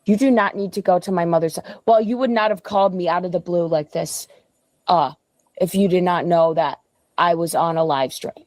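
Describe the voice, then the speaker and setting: A woman's voice: fairly low pitch, moderate pace, a little mellow, dry recording. A young woman ranting and rambling on a livestream from home, agitated and swearing. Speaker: livestream guest. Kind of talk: livestream call and rant. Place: indoors at home.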